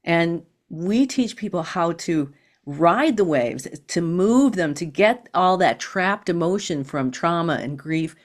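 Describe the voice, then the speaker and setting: Calm, teacherly woman with a low voice. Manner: measured, teacherly, acts out quoted thoughts. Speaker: podcast guest, psychic. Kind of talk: calm explanatory conversation.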